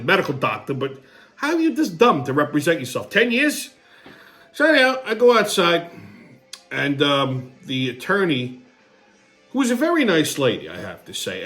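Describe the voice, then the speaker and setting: A man's voice: fairly high pitch, a bit bright. A man hosting his own show, telling a long story in a blunt, rambling and profane way. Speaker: host. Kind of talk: casual storytelling monologue.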